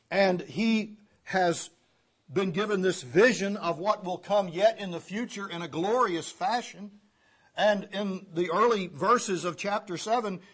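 A man preaching an expository sermon, teaching verse by verse and moving between loud emphatic runs and hushed low phrases. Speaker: pastor.

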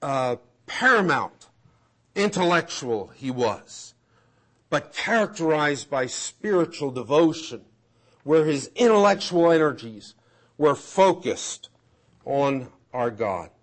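A man preaching a sermon, swinging from loud emphatic peaks to hushed asides. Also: on the high side, sing-song, takes it slowly. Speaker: pastor.

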